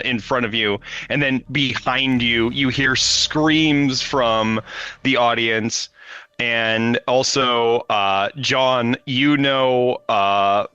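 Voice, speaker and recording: A man narrating as game master of a tabletop game, setting scenes in a halting, descriptive way. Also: mid-range voice, sharp tone, clear, resonant tone, no room sound, muffled recording.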